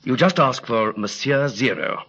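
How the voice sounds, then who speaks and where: An actor playing a plucky British special agent, in clipped, breezy 1940s radio-drama style. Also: male voice, medium pitch, big pitch swings, measured pace, gravelly, a bit bright, husky, heavily acted. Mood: brisk. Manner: clipped, breezy upper-class British banter. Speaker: lead character in radio drama. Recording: dull lo-fi vintage radio recording.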